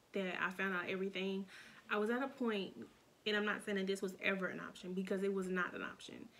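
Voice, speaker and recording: A young woman telling a painful personal story in a halting, emotional way, with many restarts and fillers. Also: mid-range voice, gravelly, slight background noise. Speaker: storytime vlogger.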